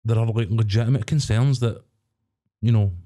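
Brief: young Scottish podcast co-host, low mellow voice, rambling and animated. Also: male voice, normal speed. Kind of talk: casual chat.

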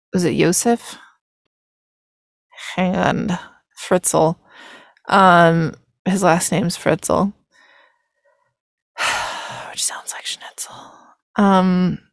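A woman's voice: lowish voice, no echo, studio quality. A tired woman hosting a casual film reaction video, rambling, laughing and correcting herself as she goes.

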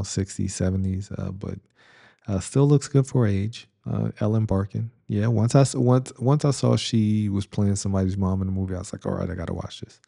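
A man's voice: sits low, vocal fry, mellow. A middle-aged man hosting a podcast, casually reviewing a comedy in a rambling way, with many fillers and restarts. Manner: rambling, lots of ums and restarts, chuckling. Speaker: podcast host reviewing movies. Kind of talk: casual movie review monologue.

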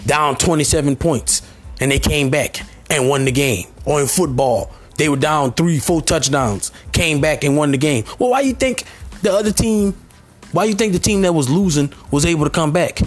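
A man delivers a motivational sermon in a somewhat high, husky voice. He repeats short phrases again and again and climbs toward shouting at the peaks. Faint music plays underneath. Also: expressive, normal speed. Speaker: motivational speaker.

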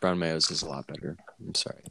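A man's voice: rumbling low, steady tone, quick pace, gravelly, sharp tone. A man hosting a podcast in casual chat, teasing his co-hosts like an interviewer. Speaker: podcast host.

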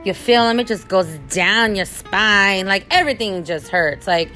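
Animated woman telling a personal story. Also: medium pitch, unhurried, faint music behind. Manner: animated, expressive, acts out quotes. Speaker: podcast host.

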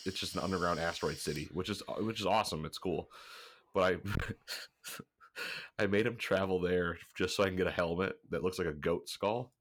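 Deep-voiced congested man chatting casually. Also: fairly bright tone. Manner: rambling, swears freely, laughs often. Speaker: podcast co-host. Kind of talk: casual gaming podcast chat.

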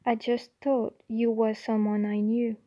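A woman's voice: fairly high pitch, flat delivery, measured pace, warm tone, lo-fi sound. A woman reading the lines of a curious, polite teenage boy wizard in a plain, questioning tone.

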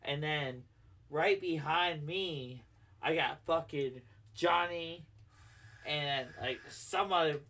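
A man's voice: fairly high pitch, takes it slowly, bright, forceful tone, far from the mic. A man co-hosting a casual podcast, telling a bar story in a rambling, profane way full of "like". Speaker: podcast co-host, bar bouncer.

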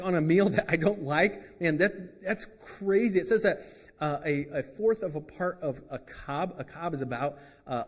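A man's voice: on the high side, breathy edge, big-room sound. A man preaching a sermon as pastor, in a conversational way with joking asides.

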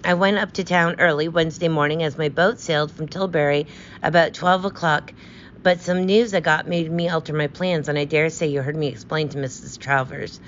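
A woman voicing a young male soldier back from abroad, answering briskly and offhand. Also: low voice, fairly even intonation, dull audio, slight background noise, natural voice.

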